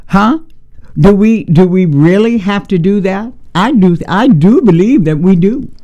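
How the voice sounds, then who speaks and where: Male talk radio host, lively and preachy, with a mellow tone and rhetorical questions. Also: high-pitched, a little slow, lo-fi sound.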